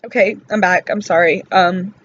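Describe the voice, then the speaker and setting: A woman talking in an unscripted personal vlog, weary and emotional from pain, halting and apologetic with many pauses and fillers. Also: mid-range voice, steady tone, fairly bright tone, dull audio. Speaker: vlogger.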